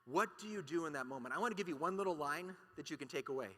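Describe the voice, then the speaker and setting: A man's voice: on the high side, lively intonation, fast talker, pushed and bright. A man giving an impassioned keynote talk at a conference, emphatic and full of rhetorical questions. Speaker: conference speaker. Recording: long hall reverb.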